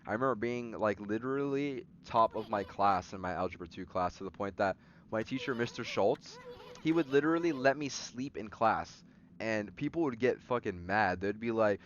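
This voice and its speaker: A young man streams a game, chatting loosely and swearing a lot as he tells stories. His fairly low voice is animated at a moderate pace, and the dull audio carries slight hiss or hum over faint game music.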